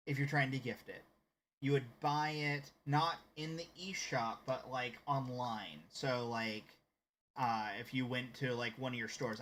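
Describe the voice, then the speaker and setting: A man's voice: mid-range voice, fairly bright tone, slight background noise. An American man with a slight Southern accent who streams games and chats casually with his viewers. He rambles and hesitates as he talks. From United States. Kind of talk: casual live-stream chat.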